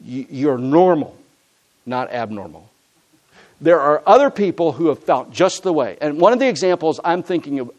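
A male pastor preaching a sermon in church, earnest, swinging from loud emphasis to quiet asides. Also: a little high.

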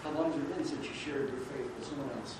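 A preacher giving a sermon, swinging from hushed, low pleading to loud, rising exhortation, full of emphatic rhetorical questions to the congregation. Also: fast talker. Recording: very echoey hall, distant mic, background noise.

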